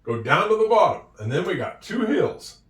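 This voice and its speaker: Male teacher at a board, slightly high voice, recorded from a distance in an echoey room. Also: sing-song, a bit bright. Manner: slow, encouraging, with drawn-out words. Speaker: English teacher. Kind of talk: handwriting and spelling lesson. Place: room with a whiteboard.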